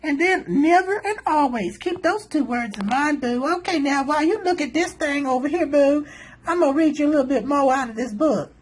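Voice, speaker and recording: A woman with a very high voice, chatting sassily through a self-help book. She keeps calling the listener honey and boo, laughs freely between her comments, and keeps the tone loose and playful. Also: animated, fairly quick, poor audio. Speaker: channel host.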